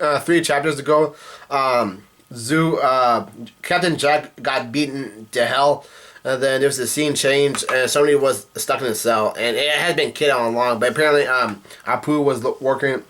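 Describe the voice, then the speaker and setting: A man's voice: medium pitch, moderate pace, fairly bright tone. A man chatting casually as a vlogger, recapping a comic chapter in a rambling way with lots of fillers. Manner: rambling with many fillers and restarts.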